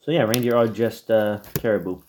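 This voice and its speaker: A man's voice: lowish voice, steady tone, a little fast, darkish tone, slight background noise. A man in casual comedic banter, easygoing and playful, with light offhand replies.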